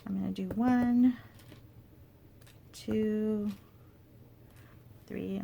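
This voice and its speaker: A woman demonstrating paper crafts in a casual tutorial, chatty and thinking aloud with soft asides under her breath. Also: medium pitch, fairly even intonation, slow pace, gravelly, long pauses, slight background noise.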